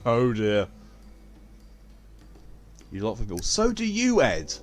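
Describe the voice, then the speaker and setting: A man's voice: medium pitch, huge pitch swings, brisk, faint music behind. A man chatting casually with viewers while streaming a game, blunt and given to swearing. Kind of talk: casual live-stream chat.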